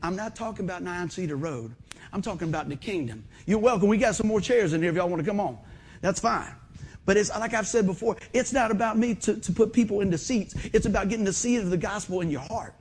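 A middle-aged man, preaching a folksy, animated sermon in a church and asking the congregation questions. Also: sits high, fast talker, a little hiss or hum. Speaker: pastor. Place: church sanctuary.

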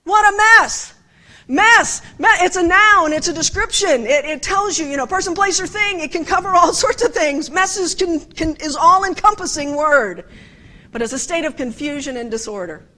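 A woman delivers a conversational sermon in a high, bright voice. She preaches with animated emphasis and keeps turning to her listeners with direct questions. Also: normal speed.

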